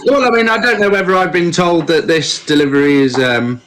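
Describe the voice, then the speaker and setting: A man's voice: fairly high pitch, big pitch swings, fairly quick, a crowd in the background. A man playing a tabletop role-playing game, talking casually and hesitantly as he thinks aloud. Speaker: player.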